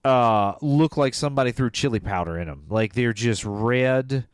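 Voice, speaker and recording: A man co-hosting a comedy podcast, telling a long story in a deadpan way. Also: mid-range voice, moderate pace, smooth, dry recording, studio quality. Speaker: podcast co-host.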